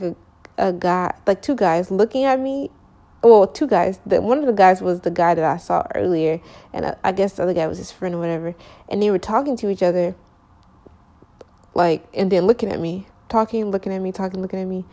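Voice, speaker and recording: A woman's voice: mid-range voice, warm tone. A young woman casually telling a long personal story, rambling with lots of fillers and slang, correcting herself as she goes, sleepy and yawning.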